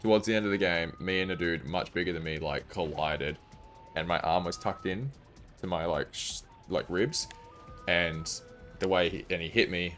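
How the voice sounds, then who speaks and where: Young male streamer, low voice, non-American English accent, rambly casual storyteller, faint music underneath. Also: fairly bright tone. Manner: rambling storytelling with many fillers. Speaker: game streamer. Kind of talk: casual chat while streaming.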